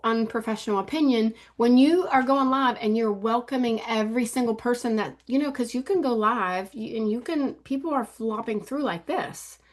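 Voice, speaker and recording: A woman in her fifties talks straight to her viewers in a brightly pitched voice, coaching them in a loose, chatty way. She hammers her points home, circling back to the same ideas again and again. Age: 50s. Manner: emphatic, repeats key points over and over. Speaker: social media coach. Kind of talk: casual teaching talk to camera.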